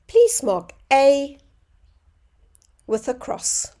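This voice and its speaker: A woman teaching a phonics lesson to young children, sounding out words slowly and clearly. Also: high voice, very animated, mellow.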